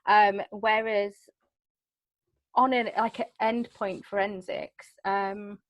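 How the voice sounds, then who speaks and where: A woman's voice: mid-range voice, slow, dry recording. A British woman guest on a video call interview, joking dryly and talking animatedly. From United Kingdom. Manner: joking, dry, animated delivery. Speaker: guest, security company CEO. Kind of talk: casual interview chat.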